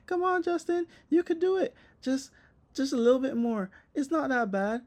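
A man voicing a cheery, upbeat young woman who is his workout partner, in a high, chirpy voice. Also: animated, normal speed, a little mellow. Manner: chirpy and encouraging.

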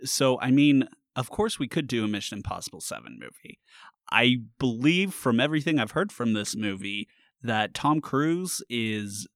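A man's voice: medium pitch, sing-song, normal speed, fairly bright tone, no room sound, clean studio sound. A man hosting a casual comedy podcast, joking and riffing with his co-host. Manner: jokey, puts on an old-timey radio announcer voice.

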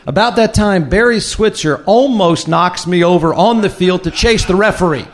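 With a high voice at normal speed, a former football kicker who now hosts the show recounts an old football tale before a live audience. He keeps it lively by acting out each voice in the story.

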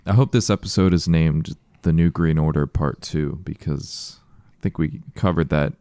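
A man's voice: rumbling low, moderate pace, warm tone, no room sound. A young man co-hosting a casual podcast, making playful, goofy asides. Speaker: podcast co-host. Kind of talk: casual chat.

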